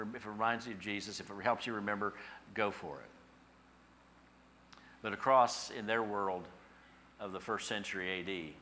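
Bright-voiced male preacher, dynamic delivery. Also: mid-range voice. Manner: dynamic, swings from hushed to emphatic; repetitive, preacherly cadence. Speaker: pastor. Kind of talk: sermon.

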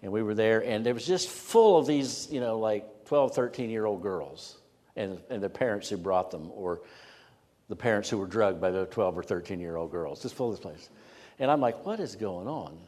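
A middle-aged male pastor giving an expository sermon, stressing key words and pausing between phrases. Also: fairly low pitch, a little mellow. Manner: expository preaching with rising emphasis and pauses. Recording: long hall reverb.

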